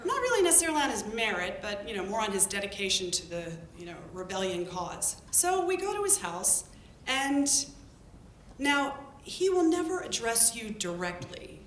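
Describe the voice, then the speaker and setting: A woman telling a lively story about her field work to an audience. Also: moderate pace. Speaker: public health worker telling a story. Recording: echoey room with faint rumble.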